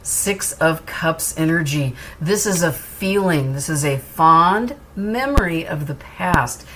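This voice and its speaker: A woman's voice: sits low, animated, slow, background noise. Earnest, reassuring woman tarot reader. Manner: earnest, reassuring, repeats phrases for emphasis. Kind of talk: tarot reading to camera.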